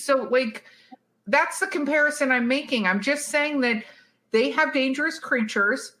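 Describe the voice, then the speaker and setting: A woman's voice: high voice, lively intonation, sharp tone. A woman co-hosting a podcast, chatting casually and emphatically while answering listener questions. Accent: Southern US. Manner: chatty, emphatic, quick asides. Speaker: podcast co-host.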